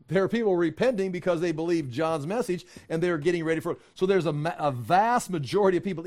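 A man teaching a casual Bible study, acting out the dialogue in his own voice and laughing as he gets animated. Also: a little high.

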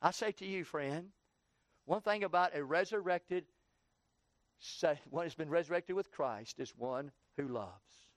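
Male pastor, high voice, fervent sermon delivery, dry close recording. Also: unhurried, dry recording. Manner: preaching with rising, heated questioning. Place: church.

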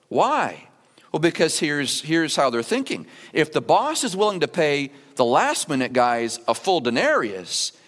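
Animated preaching man in a reverberant church. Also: on the high side. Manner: animated preaching, acting out the workers' voices. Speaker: pastor. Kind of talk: sermon. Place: church sanctuary.

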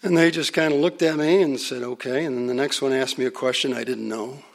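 A man at mid pitch with a gravelly edge, preaching through a personal story. He slows down for emphasis and sometimes sinks almost to a whisper. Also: steady tone. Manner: dramatic pauses, drops to a near whisper. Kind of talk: storytelling sermon.

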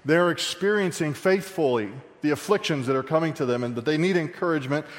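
A man preaching an expository sermon in a conversational way, joking with the congregation and swinging between loud emphasis and quiet asides. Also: on the high side, fairly quick, big-room sound. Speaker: pastor.

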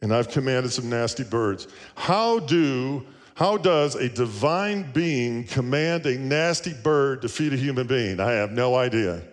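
A male pastor delivering an earnest sermon at a middle pitch, telling stories and posing rhetorical questions. His voice carries through a church sanctuary. A long reverb follows each phrase. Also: lively intonation, a little slow, hardly any pauses.

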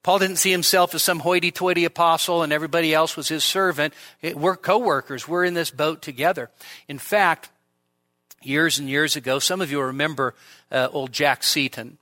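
A man's voice: a little high, steady tone, normal speed, sharp tone. A middle-aged man preaching an expository sermon in a church, earnest and emphatic, repeating phrases for stress. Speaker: pastor.

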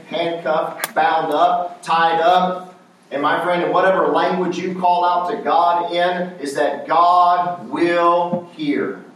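A high-pitched man preaches a sermon, prompting his congregation with call-and-response questions. His voice reaches the mic from a distance. It booms around a very echoey church hall. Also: fairly bright tone, slight background noise.

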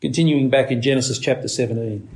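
A man preaching a sermon, leaning on words slowly for emphasis and climbing to urgent, raised passages. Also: darkish tone. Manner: preaching with slow emphatic stresses, rising to urgent highs.

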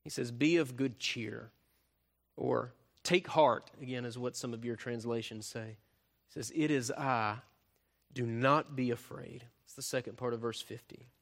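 A man preaching a sermon, often tagging points with "right?" and swinging from loud emphasis to soft, quiet delivery. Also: medium pitch, a little slow, creaky. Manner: frequent tag questions "right?", swells louder then drops soft. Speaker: pastor.

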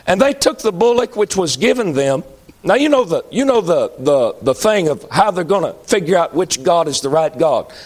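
A man's voice: on the high side, very animated, normal speed. A man preaching a sermon in an emphatic, folksy way, repeating lines for effect.

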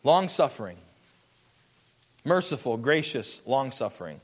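A man's voice: mid-range voice, sing-song, unhurried, husky, big-room sound. A man preaching a sermon as a pastor, earnest and emphatic, his voice rising in bursts.

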